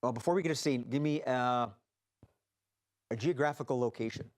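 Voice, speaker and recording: A man's voice: medium pitch, a little fast. A man hosting a live improv comedy show, calling for audience suggestions in a playful, jokey way. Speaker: improv game host.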